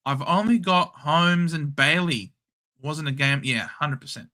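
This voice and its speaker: A young Australian man talks a little slowly as he runs a casual live watchalong, reacting to each passage of play with blunt, excitable chatter. Slightly high, very bright and sharp, his voice sits forward with tension, and he flips from play-by-play to offhand opinions like he hosts his own show.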